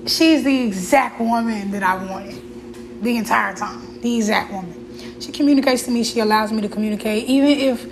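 A woman's voice: on the high side, normal speed, background noise. A woman hosting her own show, talking openly and with feeling about her life, with frequent fillers and restarts. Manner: candid and emotional, with fillers and restarts. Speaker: podcast host. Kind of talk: casual personal talk.

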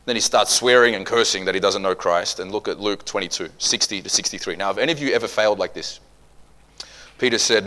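A man preaching a sermon, telling stories with humor and swinging from loud outbursts to hushed asides. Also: on the low side, a little fast.

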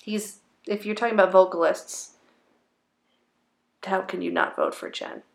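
A woman's voice: mid-range voice, measured pace, gravelly. A woman co-hosting a casual chat, reading out nominees and teasing her friend with a laugh. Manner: playful, laughs often, teasing. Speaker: co-host. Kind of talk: casual chat about music awards.

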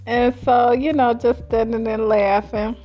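A woman casually telling a personal story in her own series, chatty and colloquial, breaking into high giggles. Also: steady tone, measured pace, highs cut off, soft background music. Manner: laughs often, with high giggles while telling stories; chatty and colloquial, with many fillers.

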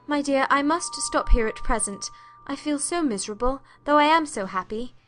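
A woman narrates a period story as a heartfelt letter. Her reading is emotive and confiding. Her voice is high and bright. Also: expressive, moderate pace, faint music behind. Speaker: audiobook narrator.

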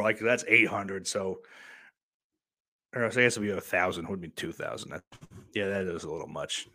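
Rambling, foul-mouthed man, lowish voice. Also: a bit bright, no room sound. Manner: profane, rambling, heavy on fillers. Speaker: podcast host. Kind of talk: casual rambling monologue.

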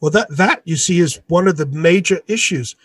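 A man's voice: on the high side, lively intonation, normal speed, husky, no room sound. A man, an artist and author, recounting a dispute in an interview with indignant emphasis. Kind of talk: storytelling in an interview.

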